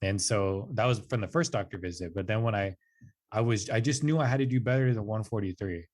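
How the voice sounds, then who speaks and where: A man in his twenties talks in a lowish voice as a podcast guest. He tells a personal story in a loose, casual way, saying "like" and "dude" a lot. He jumps up in pitch when he acts out what other people said. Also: fairly quick. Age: 20s. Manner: animated, acts out quotes with raised voice; casual, says "like" and "dude" often.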